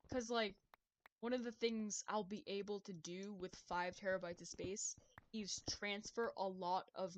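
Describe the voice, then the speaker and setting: A young adult woman chatting on a live stream, excitable and rambling, who swears often and stumbles over her words. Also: lowish voice. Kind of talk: casual live-stream chat.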